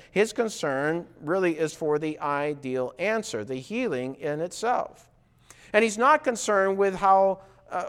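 A male pastor delivering a sermon in a slightly higher-than-usual voice. He preaches earnestly, pushing key lines up with emphasis and slipping into acted-out quotes and conversational asides. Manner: acts out quoted voices in dialogue.

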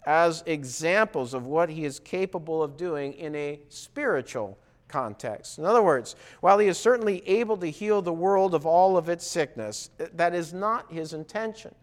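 A man's voice: fairly high pitch, animated, moderate pace. A man preaching a sermon as pastor, earnest, with rising emphasis, asides and acted-out quotes. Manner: acts out quoted voices in dialogue.

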